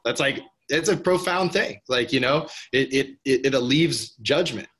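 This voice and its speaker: A man in relaxed podcast conversation, middle-pitched and eager. He rambles, restarts his sentences and leans on filler words as he gets excited about an idea. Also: moderate pace. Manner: enthusiastic, rambling with many restarts and "like". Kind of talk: casual conversation.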